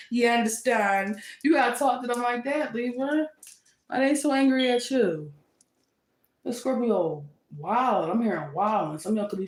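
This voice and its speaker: A woman's voice: mid-range voice, a little mellow, reverberant. A woman giving a casual tarot reading in a playful, dramatic way, laughing often. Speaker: tarot reader.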